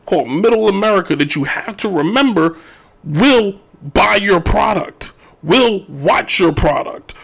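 Gravelly, joking sports radio host. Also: male voice, high-pitched, unhurried. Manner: animated, joking, ranting opinions. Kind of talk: sports talk radio commentary.

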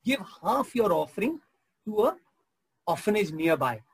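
A man voicing an insistent elderly woman church member, shrill and pleading. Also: very animated, moderate pace, husky, dry recording, exaggerated voice.

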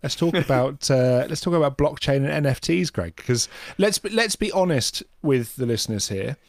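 A man co-hosting a casual podcast, chatting in a self-mocking, animated way. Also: mid-range voice, normal speed, dry recording. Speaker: podcast co-host.

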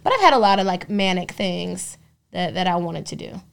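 A young adult woman co-hosting a podcast, telling stories in a lively, profane, casual way. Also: fairly low pitch, normal speed, creaky. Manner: animated, profane storytelling. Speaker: podcast co-host. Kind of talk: casual chat.

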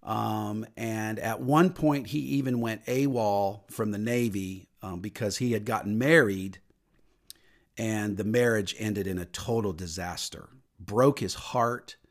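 At a measured pace, a middle-aged male minister delivers earnest, sermon-like talk on his podcast. His voice rises when quoting scripture and sinks low when he shares personal stories.

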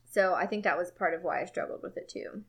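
A woman's voice: fairly low pitch, fast, slightly rough. A woman co-hosting a casual chat about a book and its film, talking freely and animatedly and swearing now and then. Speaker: podcast co-host.

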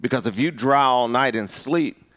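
A man preaching a live sermon, conversational and full of restarts, rising to high emphatic peaks. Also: moderate pace, a bit bright. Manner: conversational with repeated restarts and rhetorical asks. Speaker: pastor.

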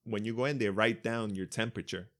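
A man's voice: on the low side, fairly even intonation, quick pace, fairly bright tone. A man, chatting in a laid-back way and slipping into Spanish. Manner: laid-back, mixes Spanish, laughs often. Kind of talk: casual chat.

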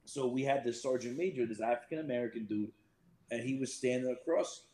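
A man, a Marine reservist, telling profane, animated stories as a podcast guest. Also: medium pitch, fairly quick, reverberant, rough recording. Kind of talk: casual storytelling chat.

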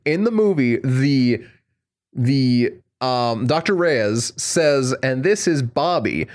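A man chatting casually about a movie, ranting in an animated way and jumping up in pitch when exasperated. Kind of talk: casual movie review chat.

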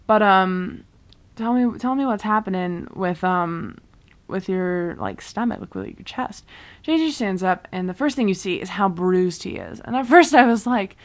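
A young woman casually recapping a TV season, chatty and full of fillers, quickly acting out the characters' lines as she goes. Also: mid-range voice, animated. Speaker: vlogger recapping a TV show.

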